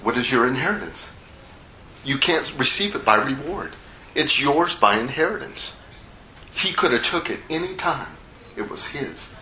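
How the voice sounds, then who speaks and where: A man's voice: medium pitch, sing-song, moderate pace, pushed and bright, slight background noise. A middle-aged man preaching a sermon in a folksy, conversational way, acting out the characters of a parable. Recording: echoey room with faint ambience.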